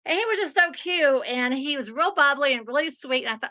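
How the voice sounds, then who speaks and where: A woman hosting an interview, telling stories in a bubbly, expressive way. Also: high-pitched, a little fast, hardly any pauses, lo-fi sound. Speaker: host. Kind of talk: conversational interview.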